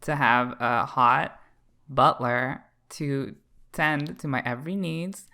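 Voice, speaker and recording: A man's voice: mid-range voice, slow, gravelly, sharp tone. A man from Canada co-hosting a podcast, talking in a campy, playful and teasing way in casual chat. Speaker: podcast co-host.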